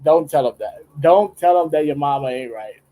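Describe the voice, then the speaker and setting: A man's voice: a little high, expressive, moderate pace, dark tone, poor audio. A young man chatting casually on a late-night livestream, rambling with restarts and laughing a lot. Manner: laughs often, rambling with many restarts, slangy. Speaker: streamer. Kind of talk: casual livestream chat while drawing. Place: home studio, late night.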